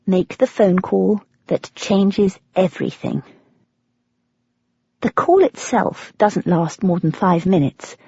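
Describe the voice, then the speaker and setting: A woman with a British accent narrating a first-person audiobook, expressive and sometimes flustered in dialogue. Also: medium pitch, breathy edge, dry recording, muffled recording. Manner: expressive, with breathless, flustered quoted speech.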